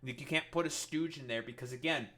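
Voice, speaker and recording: A man's voice: medium pitch, quick pace, bright, forceful tone. A man doing reaction commentary, ranting in an exasperated, profane way. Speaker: political commentator streamer.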